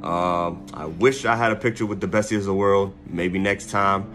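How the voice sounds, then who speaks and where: A man's voice: low-pitched, fairly even intonation, moderate pace, background noise. A man giving a casual, rambling recap, correcting himself often and laughing at his own slips. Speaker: wrestling fan reviewer. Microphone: headphones with mic.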